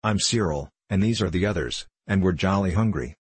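A cheeky, impudent schoolboy from a storybook who talks in excited bursts, as a man reading aloud voices him. The voice is low and husky, recorded dry and close. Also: a little fast, no echo.

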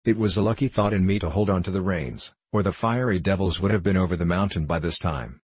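A man's voice: low voice, fast, a little mellow, breathy edge, no echo. A man voicing a boastful, self-satisfied sleigh driver in an audiobook reading.

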